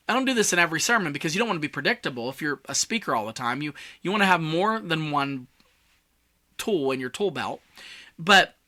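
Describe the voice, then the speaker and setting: A man leads a public speaking lesson in a casual, joking tone. His voice is very bright and sits a little high. He swings on purpose between big, loud passages and soft, hushed ones. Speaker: communication coach.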